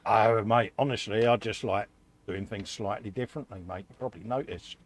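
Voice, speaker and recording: A man's voice: lowish voice, fairly quick, a crowd in the background. A man co-hosting a live model-building stream, chatting casually and reading out viewer comments. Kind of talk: casual chat.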